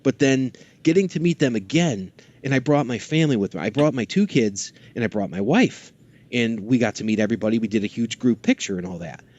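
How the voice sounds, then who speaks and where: A man's voice: mid-range voice, a little fast, darkish tone, lo-fi sound. A man chatting as a podcast guest, telling stories animatedly and slipping into character voices now and then. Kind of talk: casual chat.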